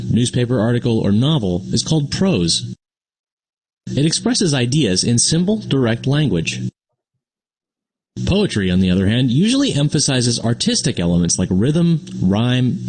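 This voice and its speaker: A man's voice: mid-range voice, very animated, moderate pace, a little mellow, lightly acted. A man voicing a friendly young cartoon explainer who teaches the basics of poetry in scripted, upbeat narration. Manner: upbeat, explains simply and answers an unheard sidekick.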